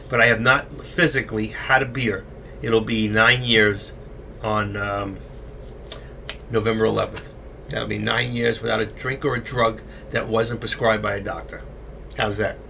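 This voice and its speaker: Gravelly man chatting on a trading stream. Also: medium pitch, bright, forceful tone, a little hiss or hum. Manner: rambling, candid, confiding to viewers. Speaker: trading livestream host. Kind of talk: casual live-stream chat over stock charts.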